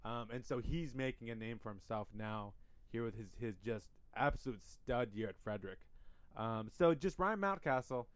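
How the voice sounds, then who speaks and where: A man co-hosts a casual sports podcast. He talks through numbers at a middling pitch, often restarting his sentences. The recording is dry and close. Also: normal speed, clear, resonant tone, no room sound. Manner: stats-heavy, restarts sentences. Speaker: podcast co-host.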